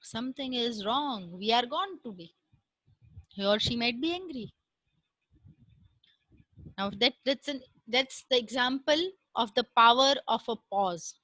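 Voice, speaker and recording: High, bright woman lecturing. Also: lively intonation, dry recording, rough recording. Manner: measured, explanatory, with frequent fillers. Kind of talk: online class lecture.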